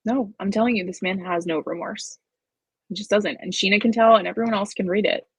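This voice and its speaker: A woman co-hosting a casual chat, making quick, opinionated remarks and laughing often. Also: medium pitch, fairly even intonation, husky, dry recording. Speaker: guest co-host.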